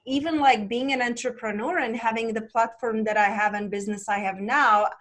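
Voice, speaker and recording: Soft-spoken woman life coach, higher voice. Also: fairly even intonation. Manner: reflective, slow, soft-spoken pauses. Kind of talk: conversational interview.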